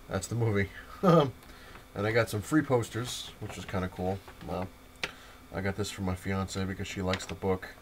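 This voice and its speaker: A man's voice: deep voice, slight background noise. A young adult man hosting a casual comic review vlog, retelling plots in a rambling way full of fillers and short laughs. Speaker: comic book vlogger.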